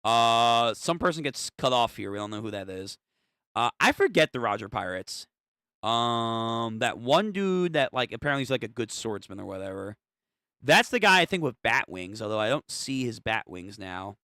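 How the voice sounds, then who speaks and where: A man's voice: mid-range voice, big pitch swings, moderate pace, bright, forceful tone, clear, resonant tone, dry recording, clean studio sound. A young man reacting live to a manga chapter, talking in a casual, profane way. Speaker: streamer.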